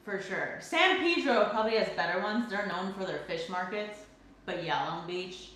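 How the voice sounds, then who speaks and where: Young woman host, from California, lively swearing rants to chat; very echoey room. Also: medium pitch, normal speed, slight background noise. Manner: ranting, animated, swears freely. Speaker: livestream host. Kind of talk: casual livestream chat reading comments. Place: home kitchen.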